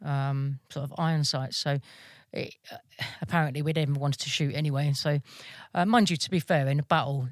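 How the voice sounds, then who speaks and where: A woman's voice: sits low, no room sound, studio quality. A woman army veteran being interviewed, telling stories casually, swearing freely and laughing as she goes.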